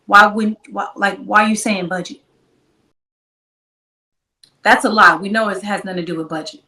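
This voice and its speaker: A woman's voice: mid-range voice, reverberant, distant mic, low-quality recording. A woman guest telling a long story in an interview, acting out the back-and-forth of quoted dialogue. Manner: animated, acts out quoted dialogue.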